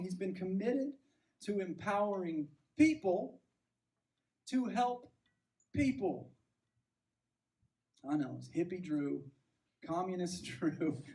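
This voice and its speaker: A man's voice: high voice, a little mellow, far from the mic, low-quality recording. A man preaching a sermon as pastor, conversational and self-deprecating, often checking in with "right?".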